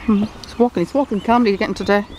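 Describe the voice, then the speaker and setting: A woman with a mid-range, darkish voice talks quickly with fairly even intonation, in poor audio. A horse enthusiast vlogger filming outdoors at stud stables, she chats, repeats herself, and coos to the horses, with outdoor camera audio picking up clear background noise of horses and birds.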